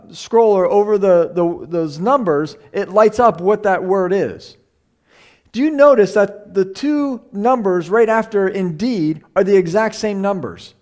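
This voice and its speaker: A man's voice: sits high, darkish tone. Chatty man teaching a Bible class. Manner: chatty, repeats himself, asks the room questions.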